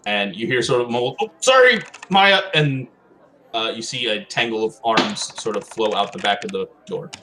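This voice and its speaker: A man narrating a tabletop game as game master, rambling through descriptions with lots of filler words and slowing down on the details. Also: lowish voice, fairly even intonation, a bit bright, slight background noise, rough recording. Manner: meandering, hedging with filler words, slows down on descriptions.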